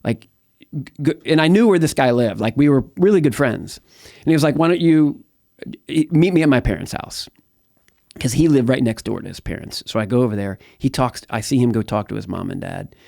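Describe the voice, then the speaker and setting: Speaking a little fast, this middle-aged man from the US has a medium-pitched voice that is creaky and slightly mellow, captured in clean studio sound without room noise. He's a guest in an interview, rambling candidly through his life story with plenty of fillers and false starts.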